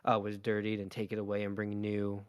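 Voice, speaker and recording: A man's voice: lowish voice, completely flat delivery, a little fast, clean tone, no echo, studio quality. A man co-hosting a podcast, telling a long family story in casual chat with lots of ums and likes. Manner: rambling storyteller, many fillers. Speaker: podcast co-host, father.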